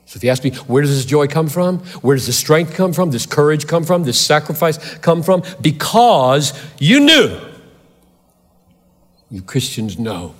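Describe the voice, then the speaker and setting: A man preaching a sermon as a pastor, impassioned, swinging between loud emphatic peaks and quiet intensity. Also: on the high side, expressive, fairly quick, few pauses, big-room sound.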